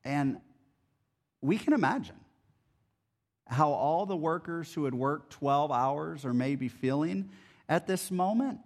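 A man's voice: a little high, slow, long pauses. A man preaching a sermon in a conversational style, explaining a Bible passage verse by verse. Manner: conversational, animated. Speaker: pastor.

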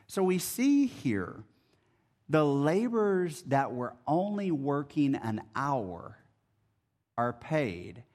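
A pastor with a fairly high voice preaches slowly, working through a Bible passage verse by verse. His style is conversational and animated.

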